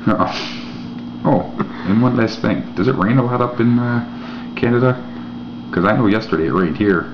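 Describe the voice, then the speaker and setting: A man's voice: on the low side, normal speed. A man hosting his own vlog, rambling through mock-naive questions with dry jokes. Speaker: vlog host. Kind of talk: casual rambling monologue to camera. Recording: echoey room, dull lo-fi mic, faint hiss.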